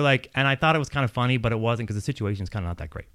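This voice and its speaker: A man with a clear, resonant mid-range voice speaks at a quick pace, casually rambling through a long personal story while swearing often and laughing, animated as he tells it. The recording has no echo.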